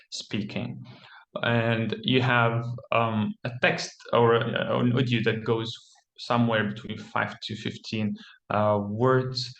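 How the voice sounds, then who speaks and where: A man's voice: mid-range voice, a bit bright. Roomy-sounding male English teacher explaining. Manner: patient, explanatory, with frequent ums and self-corrections. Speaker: English teacher and PTE trainer. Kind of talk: instructional explanation. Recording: roomy echo.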